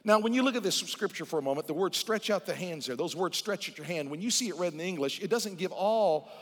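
A male pastor preaching a fervent sermon to his church, talking straight to the congregation and swinging between hushed and loud. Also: high-pitched, animated, fast talker. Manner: addresses the congregation directly. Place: church sanctuary. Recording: long church-hall reverb.

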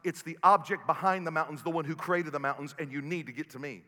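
Male pastor, high bright voice, preaching in reverberant church with faint music; surges loud then drops soft. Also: fast talker, few pauses. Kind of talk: sermon. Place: church sanctuary.

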